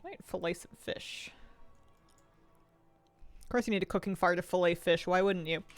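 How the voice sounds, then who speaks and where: A woman's voice: fairly low pitch, normal speed, dry recording, soft background music. A woman from the United States streaming from home, chatting casually and thinking aloud while she eats and plays a game. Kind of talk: casual live-stream gaming chat.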